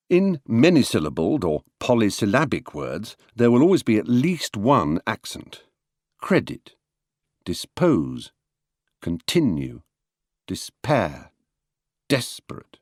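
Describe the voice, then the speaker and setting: A man reads an audiobook lesson in a low, dry voice that rises and falls freely. He explains with a wry touch and sounds out stressed words as examples. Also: no echo. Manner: wry, explanatory, demonstrates word stress aloud. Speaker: reader of a book on verse. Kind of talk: scripted audiobook narration.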